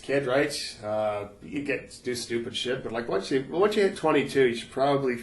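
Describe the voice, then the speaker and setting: A man's voice: medium pitch, normal speed, echoey room. A man telling profane stories as a podcast guest, laughing often as he talks. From Canada. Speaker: podcast guest, former fighter and prison guard. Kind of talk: casual storytelling.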